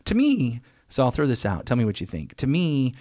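An earnest man at a middle pitch co-hosts a Bible study podcast. He reads scripture aloud and then talks it through casually, restarting his sentences as he thinks. His voice sits close to the mic in a dry room. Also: huge pitch swings, a little fast, mellow, no room sound. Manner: earnest, restarts and self-corrections while discussing. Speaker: podcast co-host.

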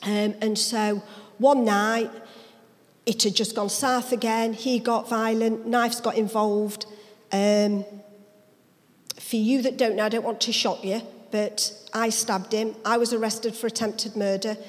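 A woman tells her own life story as an interview guest, acting out the people in it. She is a pastor, and her voice sits a little high. She is recorded in a church, with a long reverb around her. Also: unhurried. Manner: lively dialect storyteller, acts out voices. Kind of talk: personal testimony storytelling.

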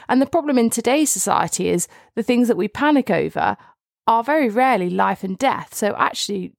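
Female podcast co-host, gravelly voice, dry close sound, teasing yet clear when explaining. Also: medium pitch, no echo. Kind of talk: casual chat and explaining.

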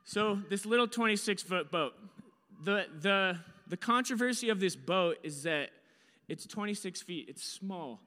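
A man's voice: high-pitched, lively intonation, measured pace, pushed and bright, big-room sound. A young man telling a story with slides in a casual, rambling way. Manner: casual, rambling, lots of fillers.

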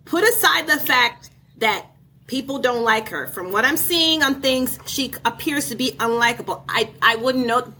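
A woman's voice: a little high, moderate pace, sharp tone, a little hiss or hum. A woman on a video call laying out her opinion emphatically, building point on point. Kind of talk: casual panel chat on a video call.

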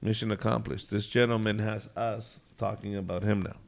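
A man's voice: lowish voice, flat delivery, normal speed, gravelly. A man co-hosting a podcast, making his points emphatically, with plenty of swearing. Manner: emphatic, lecturing, profane. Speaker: podcast co-host. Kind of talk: casual chat.

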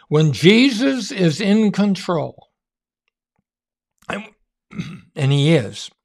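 A man giving an earnest, emphatic sermon-style faith teaching, with drawn-out pauses. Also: mid-range voice, vocal fry.

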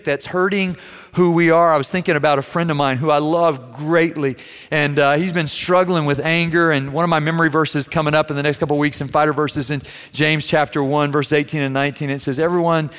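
A man preaching a sermon as pastor, earnest, slowing down and stretching key words for emphasis. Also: on the high side, fairly even intonation, fairly bright tone. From Missouri, USA. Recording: long reverb of a large room.

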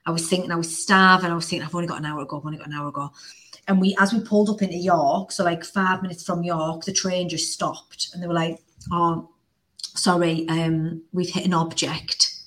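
Speaking quickly in a lowish, fairly bright voice with fairly even intonation, this Northern English podcast host in her thirties keeps things casual. Her stories meander, and she uses lots of filler words.

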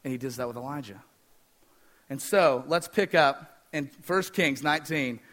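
A man preaching a sermon, fast-talking, energetic and joking with the congregation. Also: mid-range voice. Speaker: pastor.

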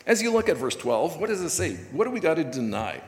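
A man's voice: a little high, big pitch swings, fast talker. Folksy male preacher in an echoey hall. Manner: folksy, conversational preaching with many fillers. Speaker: pastor. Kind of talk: sermon.

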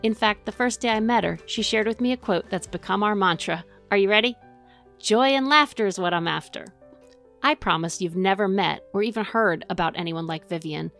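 A woman's voice: mid-range voice, a little fast, hardly any pauses, a bit bright, faint music behind. A woman hosting a podcast, reading an enthusiastic introduction and then chatting with her co-host. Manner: enthusiastic, upbeat. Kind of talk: scripted introduction and casual podcast chat.

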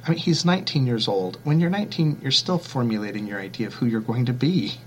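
A man hosting a relaxed book talk, full of restarts and fillers. His voice sits in a middle range, and a faint hum runs under the recording. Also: medium pitch, quick pace, dull audio. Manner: chatty, many restarts and fillers, self-deprecating. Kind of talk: casual book discussion.

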